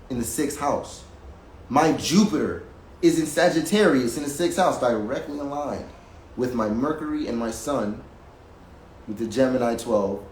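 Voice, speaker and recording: A man's voice: mid-range voice, a little mellow. A man in a rambling, profane rant at his home music setup, talking emphatically and repeating himself while reacting to a video. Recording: roomy with faint background hiss.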